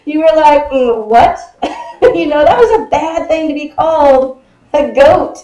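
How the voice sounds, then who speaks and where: A woman's voice: high-pitched, a little slow, mellow. A woman pastor in her fifties giving a conversational sermon. She chats with her congregation, quizzes them and laughs often. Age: 50s. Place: church sanctuary. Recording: echoey church sanctuary.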